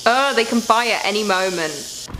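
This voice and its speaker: Squeamish woman reacting with loud groans. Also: medium pitch, animated, moderate pace, music in the background. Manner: squeamish, exclaiming, rambling. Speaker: reaction video host. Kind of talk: casual reaction commentary.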